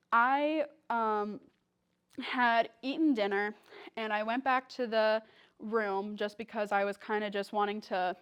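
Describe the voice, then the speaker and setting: A young woman guest speaker chats through a personal story for a church congregation, sprinkling in fillers and acting out what people said. She has a smooth, medium-pitched voice that's a bit bright.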